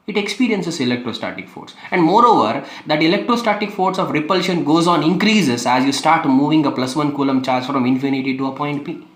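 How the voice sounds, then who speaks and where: A man's voice: fairly high pitch, lively intonation, brisk, few pauses, a bit bright, reverberant. A man teaching a physics lesson, repeating key phrases with emphasis and asking rhetorical questions. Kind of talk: classroom lecture.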